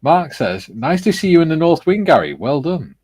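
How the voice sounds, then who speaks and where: A man's voice: on the high side, sing-song, normal speed, darkish tone, breathy edge. A man hosting a casual hobby livestream, reading viewer comments aloud and chuckling often. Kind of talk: casual group chat on a modelling stream.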